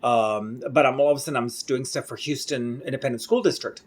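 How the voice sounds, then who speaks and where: A man's voice: medium pitch, quick pace. Chatty, rambling man in a video diary. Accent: American English. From Mexico. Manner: rambling, chatty, self-correcting. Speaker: vlogger. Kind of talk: casual daily video diary.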